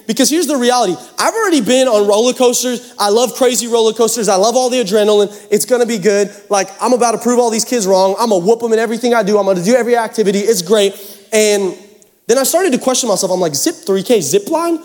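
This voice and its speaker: A young male pastor from the Pacific Northwest, telling a camp story in a sermon with animated, self-mocking drama. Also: sits high, fast talker. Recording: hall reverb.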